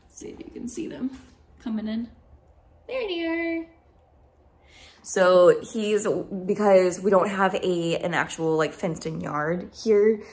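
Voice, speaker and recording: Unhurried and a little mellow, her voice sits on the low side as this young vlogger talks through moving into a house. The home vlog is casual and rambling, full of fillers.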